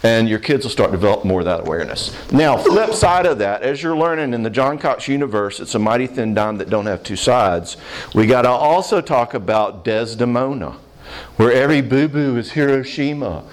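Middle-aged man, seminar speaker, animated storyteller, acts out quoted people, swooping pitch. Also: brisk. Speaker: speaker answering audience questions. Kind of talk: casual seminar talk.

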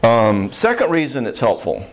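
Animated man giving a marriage seminar. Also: mid-range voice, moderate pace. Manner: animated, checks in with "all right?". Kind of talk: humorous seminar talk.

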